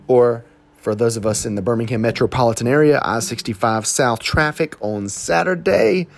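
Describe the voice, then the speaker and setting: A man with a Southern Alabama accent, the lead pastor, preaching a conversational sermon with animated, slang-filled examples. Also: medium pitch, moderate pace, creaky, faint music behind.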